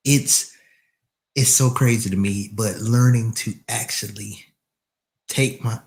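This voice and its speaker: A man from Alabama in casual conversation, relaxed and conversational, sometimes mimicking voices as he retells things. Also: fairly low pitch, takes it slowly. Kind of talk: casual chat.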